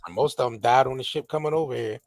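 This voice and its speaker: A man hosting a podcast, talking in a casual, profane, animated way with many restarts. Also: mid-range voice, fast, creaky, dry recording, faint music behind. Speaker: podcast host. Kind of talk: casual chat.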